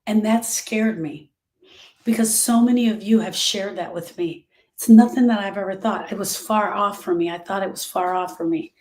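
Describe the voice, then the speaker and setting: A middle-aged woman speaking as a grief specialist, talking earnestly to her followers and slowing down on emotional points. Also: mid-range voice, a little mellow. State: emotional, short of breath at moments. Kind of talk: personal talk to followers.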